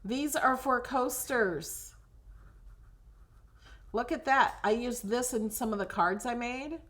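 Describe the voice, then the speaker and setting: A woman's voice: a little high, slow, fairly bright tone. A woman hosting a casual crafting tutorial, chatting and thinking aloud as she browses designs, sometimes dropping to a whisper over things she likes.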